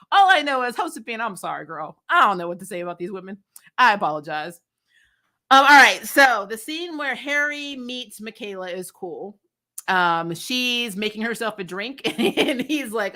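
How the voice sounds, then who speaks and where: A woman with a fairly high, sharp voice chats casually about a TV episode, spoilers and all, for her review vlog. She's open and talkative, laughing frequently and swearing freely.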